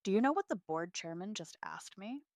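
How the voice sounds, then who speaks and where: A woman's voice: mid-range voice, expressive, normal speed, dry recording, clean studio sound, close to an everyday voice. A woman voicing a stern, cool female hospital chief executive in a narrated story.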